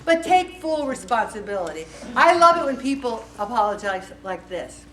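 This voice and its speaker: Woman, 50s, group leader, chatty and lively, higher voice, miked from across a roomy hall. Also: moderate pace, a little hiss or hum. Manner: chatty and animated, acts out quoted voices. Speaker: faith-based support group leader. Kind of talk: casual talk to a group. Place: meeting room. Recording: echoey room from far off.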